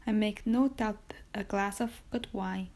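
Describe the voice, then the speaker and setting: A woman's voice: medium pitch, fairly even intonation, a little slow, a little mellow, natural voice. A woman reading a fawning, eager innkeeper man. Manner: obsequious, eager to please. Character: anxious fawning male innkeeper, middle-aged.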